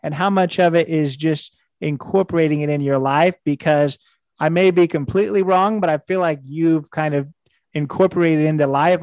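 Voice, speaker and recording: A man's voice: a little high, a little mellow, no echo, lo-fi sound. A man interviewing a guest, hesitant and often repeating words as he thinks aloud. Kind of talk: casual interview chat.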